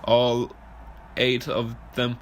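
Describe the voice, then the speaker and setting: A man's voice: mid-range voice, monotone, drawn-out words, slight background noise. A man hosting a casual podcast, rambling and joking, swearing freely. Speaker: podcast host.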